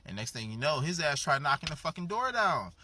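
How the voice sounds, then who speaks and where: Slangy guy telling a cussing story at home, kinda high bright voice. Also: very animated, fairly quick, slightly rough. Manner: profane, slangy, acts out characters' lines in shifting pitch. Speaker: comedic storyteller. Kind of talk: casual comedic storytelling. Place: home with a dog in the back.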